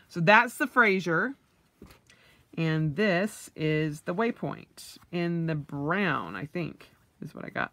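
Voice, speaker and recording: Gushing, excitable woman unboxing. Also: low voice, slow pace, long pauses, no echo. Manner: gushing, excitable, lots of oohs and yays. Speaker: vlogger. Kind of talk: casual unboxing vlog.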